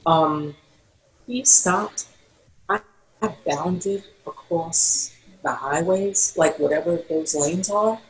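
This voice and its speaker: Animated woman storyteller, roomy echo. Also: fairly low pitch, a little hiss or hum. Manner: animated, acts out quoted dialogue. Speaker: podcast guest, costume designer. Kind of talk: telling an anecdote in an interview.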